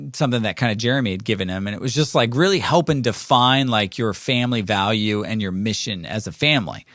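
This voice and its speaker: A man's voice: mid-range voice, fairly bright tone, dry recording, clean studio sound. A man in his forties hosting a podcast alone, talking in a rambling, playful way with many fillers and self-corrections. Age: 40s. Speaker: podcast host. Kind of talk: casual solo podcast monologue.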